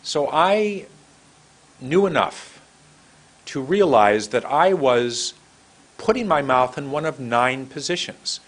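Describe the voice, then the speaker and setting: A man's voice: medium pitch, animated, takes it slowly, long pauses, a bit bright. A middle-aged man with a San Francisco American accent, telling a story as an English pronunciation teacher and demonstrating how he stretches his words. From United States. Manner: demonstrates mouth positions, stretching words long. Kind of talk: storytelling lesson to camera.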